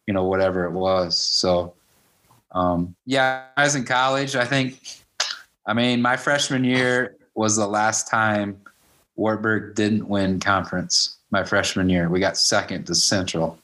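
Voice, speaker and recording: A man in his fifties, a high school wrestling coach, telling stories in a casual interview and acting out the dialogue. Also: unhurried, sharp tone. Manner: anecdotal, acts out quoted dialogue with "I'm like".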